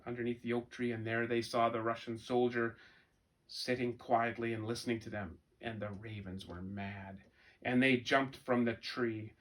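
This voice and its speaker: A man telling a folk tale for children and then asking his listeners gentle questions, with animated, expressive delivery. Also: medium pitch. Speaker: storyteller. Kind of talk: storytelling for children.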